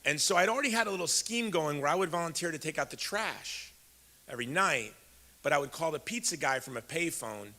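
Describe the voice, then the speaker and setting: Animated and brisk, with a higher voice and sharp tone, a fifty-something man from Chicago delivers a keynote in a large event hall. He recounts a personal story conversationally, speaking directly to those listening, as the hall echoes.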